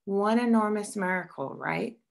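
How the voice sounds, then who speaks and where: A woman reading a children's picture book aloud with expressive storytelling. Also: mid-range voice, moderate pace, vocal fry. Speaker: storybook reader.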